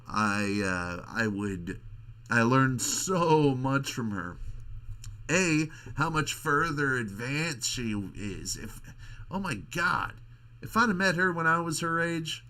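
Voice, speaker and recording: A middle-aged man hosting a podcast, rambling in a crude, halting casual monologue. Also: mid-range voice, lively intonation, sharp tone. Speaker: podcast host.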